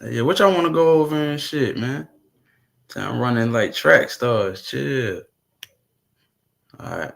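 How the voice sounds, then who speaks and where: Hosting his own stream, a man talks casually and profanely to the audience, drifting from topic to topic and laughing in between. He has a mid-range, animated voice with vocal fry, speaks unhurriedly, and leaves long pauses.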